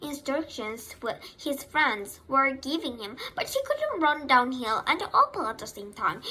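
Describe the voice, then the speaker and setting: A woman's voice: a little high, bright, forceful tone, slightly rough, poor audio. Woman reading a storybook aloud. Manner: reads slowly with slips and self-corrections. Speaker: reader. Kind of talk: reading a children's novel aloud.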